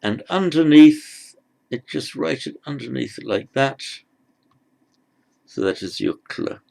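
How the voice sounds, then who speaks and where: A man teaching script letters, talking haltingly as he writes and repeating words as he goes. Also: mid-range voice, expressive, creaky, darkish tone. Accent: British. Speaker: language teacher. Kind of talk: handwriting lesson.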